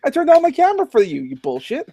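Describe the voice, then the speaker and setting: A man's voice: very high-pitched, huge pitch swings, fast, mellow, no room sound, clean studio sound. A man chatting casually in a sarcastic, mock-menacing tone. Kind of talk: casual chat with a mock-villain bit.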